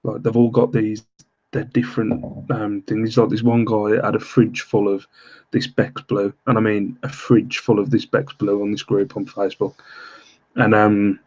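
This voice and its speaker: A British man hosting a late-night live stream from home, talking quietly so he won't wake his kids, rambling casually with fillers and little laughs. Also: fairly low pitch, level tone, unhurried, lo-fi sound. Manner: rambling, with many fillers and self-deprecating laughs. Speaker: live stream host reselling items online. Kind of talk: casual live-stream chat while reading viewer comments.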